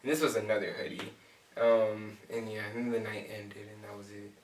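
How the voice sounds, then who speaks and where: A young man co-hosting a couple's channel, telling their story in a joking, mock-dramatic way, often trailing off softly. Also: lowish voice, little pitch movement, a little fast, a little hiss or hum. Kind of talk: casual storytelling chat. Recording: echoey room, far from mic.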